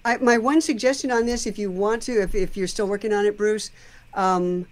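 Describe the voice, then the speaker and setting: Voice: mid-range voice, fairly even intonation, normal speed. A host giving a casual, thoughtful critique of a song's lyrics, explaining at length and now and then singing a line or two.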